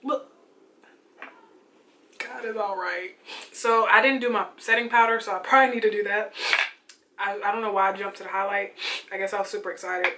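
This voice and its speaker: A young woman chatting casually and excitedly about her makeup while she gets ready at home, full of slangy asides. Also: mid-range voice, fairly quick, long pauses, noisy background. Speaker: beauty vlogger. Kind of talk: casual get-ready-with-me chat.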